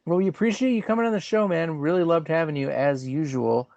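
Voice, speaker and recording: A man's voice: a little high, fairly quick, darkish tone, no room sound, lo-fi sound. A man hosting a podcast, chatting casually and thanking his guest. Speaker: podcast host. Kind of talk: casual chat.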